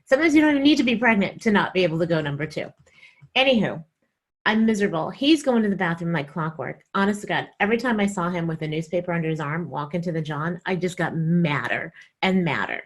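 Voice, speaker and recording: A young woman from the American South telling a stand-up comedy story, animated and acting out the voices she quotes. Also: fairly low pitch, fast.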